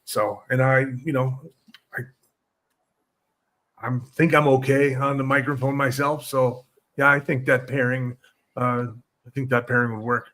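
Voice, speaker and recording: Relaxed rambling middle-aged man. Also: medium pitch, unhurried, long pauses. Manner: rambling, relaxed, restarts his sentences. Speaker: podcast guest, former wrestler. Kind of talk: casual interview chat.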